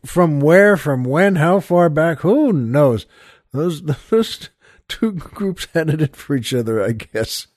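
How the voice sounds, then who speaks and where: A man's voice: mid-range voice, darkish tone, no room sound, studio quality. An older man hosting a podcast, telling a joke in a rambling, chuckling way, with lots of fillers. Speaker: podcast host. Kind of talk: casual storytelling chat.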